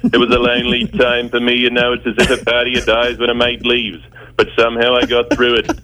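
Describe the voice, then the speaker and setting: A man delivers a wedding toast in a flat, monotone voice at a middling pitch. His bitter deadpan keeps slipping in horse-racing puns. The sound has the feel of a radio broadcast. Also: brisk, a little hiss or hum, rough recording. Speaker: best man giving a wedding speech. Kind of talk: comic wedding speech.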